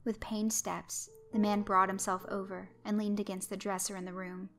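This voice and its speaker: A woman's voice: mid-range voice, moderate pace, hardly any pauses. Woman narrating a horror story over music. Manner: steady storytelling reading.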